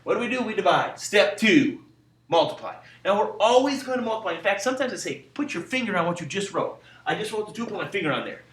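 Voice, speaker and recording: Animated math teacher in an echoey room. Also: male voice, sits high, fast talker, far from the mic. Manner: animated, acts out voices and chants steps. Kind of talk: classroom math lesson.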